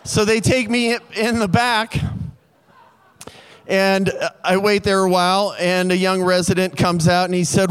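A man telling a comic personal story in an animated way, building tension. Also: high voice, a little slow, clear, resonant tone.

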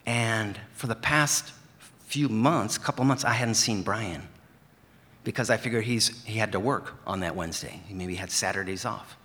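A man telling a personal story on stage, earnest and gentle. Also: on the low side, normal speed, in a large hall. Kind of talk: live storytelling.

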